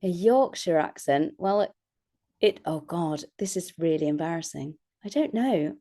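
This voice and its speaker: An actress talks about her work in a relaxed, self-deprecating way. Her voice sits low for a woman, and she laughs often and restarts her sentences. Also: a little slow. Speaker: actress and voice artist guest. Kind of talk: casual interview chat.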